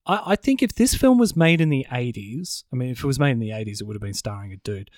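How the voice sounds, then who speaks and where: A man's voice: medium pitch, lively intonation, fast talker, a little mellow, no echo, clean studio sound. Profane, jokey man co-hosting a podcast. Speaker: podcast co-host. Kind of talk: casual film review chat.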